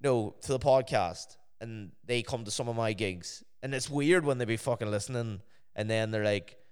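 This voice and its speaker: A man's voice: on the low side, moderate pace, darkish tone, smooth. A man co-hosting a casual podcast chat, swearing freely and acting out what other people said to him. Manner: swears freely, quotes others in chatty asides. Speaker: podcast co-host and DJ.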